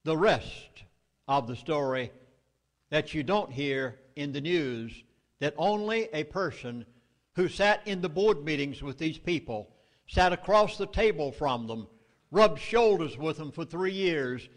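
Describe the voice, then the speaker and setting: A middle-aged man with a Southern US accent gives a public speech at a meeting, his voice fairly high. He issues warnings with emphasis and urgency, using lively intonation at a measured pace. The sound carries the echo of a big room.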